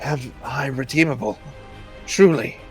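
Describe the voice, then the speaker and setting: Man doing a lonely crumbling male creature, bitter, murmured, soft, faint music behind. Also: fairly high pitch, slow, husky, full character voice. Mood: wistful. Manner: murmured under the breath, wounded.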